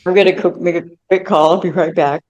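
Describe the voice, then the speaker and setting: A woman's voice: on the low side, steady tone, fast, lo-fi sound, a crowd in the background. A woman co-hosting a casual political livestream, rambling and trailing off in the middle of her sentences. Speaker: livestream co-host.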